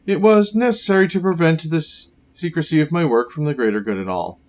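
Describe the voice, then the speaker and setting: A man voicing a gaunt, sickly male scientist villain, reading game dialogue aloud in a grave, measured way. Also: fairly high pitch, lively intonation, a little mellow, lightly acted.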